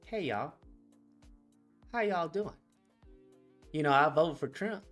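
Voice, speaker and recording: Man doing a folksy voter guy, hushed, polite, slow, smug. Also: fairly high pitch, animated, faint music behind. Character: mock folksy adult male Trump voter.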